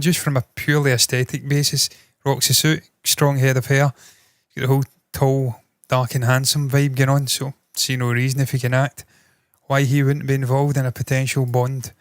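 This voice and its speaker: A man's voice: medium pitch, dry recording, clean studio sound. A man hosting entertainment news, giving blunt, opinionated commentary with frequent swearing.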